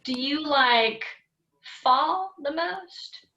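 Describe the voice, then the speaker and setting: A woman's voice: high voice, lively intonation, very slow, pushed and bright, echoey room, highs cut off. A woman co-hosting a recreation program over a video call, upbeat and encouraging as she calls on participants by name.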